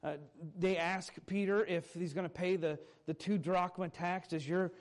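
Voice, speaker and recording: A man's voice: high voice, steady tone, normal speed. A man preaching a sermon from a church pulpit, conversational and folksy, telling stories to the congregation. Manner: conversational, folksy storytelling with fillers. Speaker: pastor. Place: church sanctuary.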